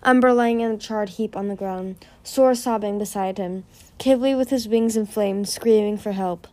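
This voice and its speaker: A woman's voice: medium pitch, moderate pace, mellow, dry recording. Woman reading a fantasy novel aloud. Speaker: audiobook reader. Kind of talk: fan audiobook reading.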